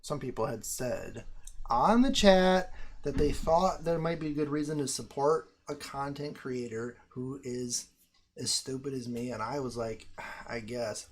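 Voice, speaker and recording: An American man chats casually with his livestream audience in a mid-range voice, swearing freely and rambling from thought to thought. He bursts out loudly every so often. A faint hiss of noise sits behind him. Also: mid-range voice. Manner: profane, rambling, loud outbursts. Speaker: livestream host.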